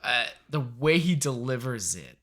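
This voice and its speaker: A man's voice: mid-range voice, lively intonation, measured pace, a bit bright. A man co-hosting a casual film review podcast, chatty and enthusiastic. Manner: enthusiastic, chatty, agreeing often. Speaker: podcast co-host.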